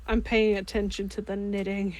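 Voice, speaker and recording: A woman's voice: mid-range voice, level tone, moderate pace, darkish tone. A woman with a Midwestern accent chatting casually as a co-host while she crafts, swearing freely. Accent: Midwestern American.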